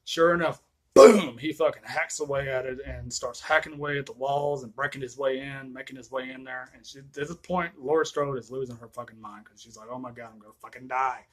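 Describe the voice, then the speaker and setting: Man, casual movie review rant, profane, excitable, mid-pitched voice. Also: fairly quick. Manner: profane, excitable retelling of scenes.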